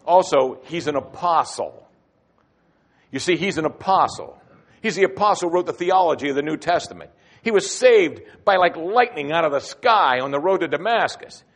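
A man preaching a sermon with expressive delivery, swinging between loud emphatic phrases and quiet asides. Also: fairly high pitch, normal speed. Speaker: pastor.

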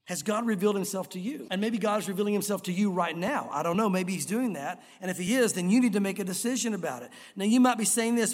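A man's voice: high voice, fast talker, few pauses. A man preaching a sermon as a pastor, telling stories and acting out voices. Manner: animated storytelling, acts out voices. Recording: long reverb of a large hall.

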